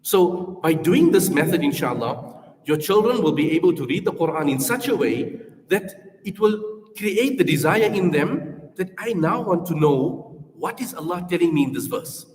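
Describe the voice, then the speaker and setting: A man's voice: fairly high pitch, lively intonation, normal speed, darkish tone. Man with a South African accent addressing parents in an echoey hall. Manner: earnest, explanatory, numbered points, models recitation aloud. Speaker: school Quran programme presenter. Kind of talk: information session talk to parents. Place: school hall.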